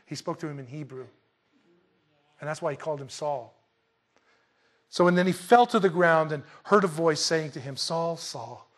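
A man preaching a verse-by-verse Bible sermon in an animated, colloquial way, with emphatic bursts. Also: fairly high pitch. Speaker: pastor.

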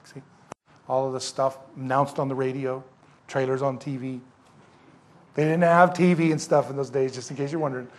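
A man preaching an expository sermon as pastor, telling the story in a lively way and asking the congregation rhetorical questions. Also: mid-range voice, normal speed, long pauses.

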